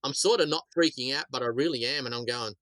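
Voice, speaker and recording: A man's voice: medium pitch, quick pace, bright, forceful tone, no room sound, low-quality recording. A middle-aged Australian man, a shark attack survivor, telling stories casually in a rambling way, often repeating words. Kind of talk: casual storytelling interview.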